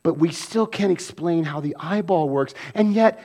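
Man, pastor, sermon, slightly high voice, animated, loud bursts and hushed asides. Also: moderate pace.

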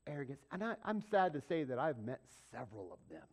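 Male pastor, sermon, mid-pitched voice, loud bursts and near whispers. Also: sing-song, fast talker. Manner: dynamic preaching, swinging from loud emphasis to whispers.

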